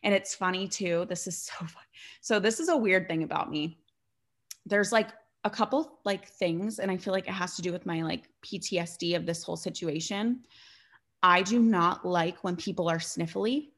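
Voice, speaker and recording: A young adult woman hosting a podcast in casual chat, telling stories in an animated way with lots of fillers. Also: on the low side, moderate pace. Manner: chatty, animated storytelling with many fillers. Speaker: podcast host.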